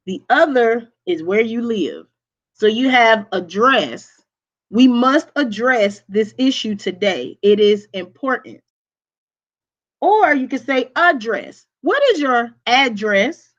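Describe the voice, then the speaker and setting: A woman teacher giving a recorded lesson, speaking slowly and deliberately, spelling words out letter by letter and checking in with "okay?" often. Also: on the high side. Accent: Southern US. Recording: dull lo-fi recording.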